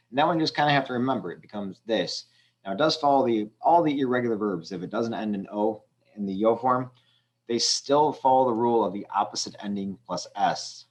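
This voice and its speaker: A male teacher patiently walking students through a language exercise step by step, with frequent ums. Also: on the low side. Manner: patient, explaining step by step with fillers. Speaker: Spanish teacher. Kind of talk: screen-recorded lesson walkthrough.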